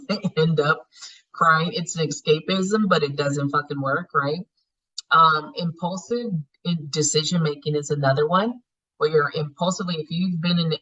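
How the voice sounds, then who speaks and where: A woman's voice: low voice, a bit bright, slightly rough. Woman, class facilitator, blunt conversational teaching, casual swearing, muffled lo-fi audio. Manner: frank and conversational, swears casually, acts out inner thoughts. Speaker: spiritual healing class facilitator.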